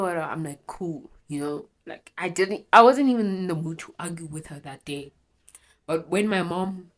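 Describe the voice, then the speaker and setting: A young woman talks through a painful memory, her low voice thick and teary from crying. She rambles, corrects herself and swears freely, raw and unpolished. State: teary, runny nose from crying. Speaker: storytelling vlogger. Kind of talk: candid personal storytime.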